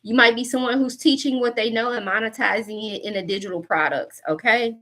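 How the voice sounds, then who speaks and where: A woman's voice: a little high, fairly quick, a bit bright. A woman in her forties giving a casual spiritual reading to camera. She is blunt and profane, jokes a lot and laughs often. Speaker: tarot reader and coach.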